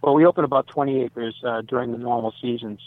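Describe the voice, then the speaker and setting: A man's voice: medium pitch, fairly even intonation, quick pace, dry recording. A man in his sixties, a radio interview guest, talking in a rambling way with lots of fillers and self-corrections. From United States. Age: 60s. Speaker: site owner, interview guest. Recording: dry phone-line sound.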